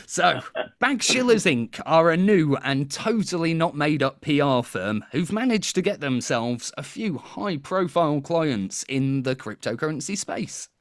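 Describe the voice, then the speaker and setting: A man's voice: on the high side, no echo, studio quality. A man from England hosting a quiz show, chatty and laughing, with frequent restarts.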